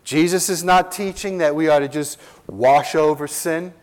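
A man preaching an expository sermon as pastor, earnest and emphatic, with slow drawn-out stresses and rhetorical questions. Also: a little high, clear, resonant tone.

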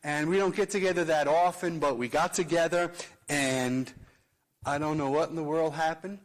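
Middle-aged male pastor, earnest measured sermon delivery, voice a touch high. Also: steady tone. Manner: earnest, measured preaching with slow emphatic pauses.

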